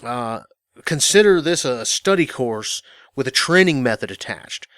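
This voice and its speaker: A man's voice: medium pitch, animated, unhurried, fairly bright tone, no room sound, clean studio sound. A man teaching an instructional audio course in a matter-of-fact, casual way, full of fillers and restarts. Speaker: dating coach.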